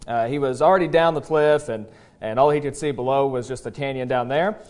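A man preaching a sermon as pastor in a church service, in a folksy, conversational way with frequent "uh" pauses. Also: medium pitch, darkish tone. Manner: tells a joke story then presses the point earnestly.

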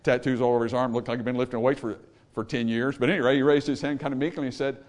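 A man preaching a Baptist sermon, emphatic, swinging between loud peaks and low trailing endings, calling for amens from the congregation. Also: expressive, fairly quick. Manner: calls for amen from the congregation. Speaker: Baptist pastor.

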